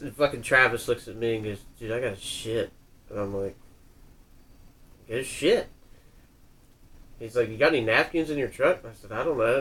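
A man in a loose, casual chat, rambling through a story with plenty of swearing and filler words. His voice sits at an ordinary middle pitch. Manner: loose and profane, many fillers. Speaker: podcast co-host.

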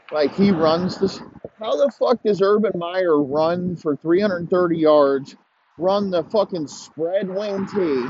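A man's voice: fairly high pitch, a little mellow, highs cut off, slight background noise. A man hosting a podcast, ranting profanely and rambling in heated complaint. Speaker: podcast host. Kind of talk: profane casual rant.

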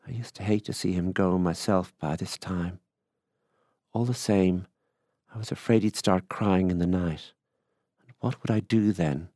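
A man's voice: sits low, measured pace, mellow, dry recording, studio quality. A man reading as a middle-aged rural widower who confides his story in a plain, musing way.

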